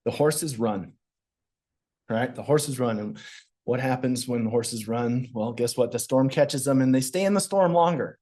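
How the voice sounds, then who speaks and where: Guy coaching on a podcast, upbeat and punchy, mid-pitched voice. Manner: energetic, emphatic, motivational. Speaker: podcast guest, performance coach. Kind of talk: casual conversational interview.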